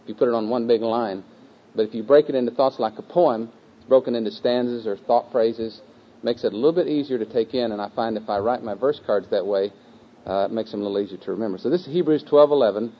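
Guy leading a group through memorizing a bible verse, says each phrase slow and over again, kinda muffled old recording. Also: medium pitch. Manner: patient, repetitive, slow chanting of phrases with a group. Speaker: teacher leading scripture memorization. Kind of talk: group teaching session. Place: room with a live group. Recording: dull lo-fi recording.

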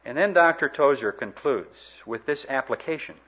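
A man preaching a sermon in an earnest, emphatic way, with dramatic pauses and swells. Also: mid-range voice, lively intonation, a bit bright, lo-fi sound.

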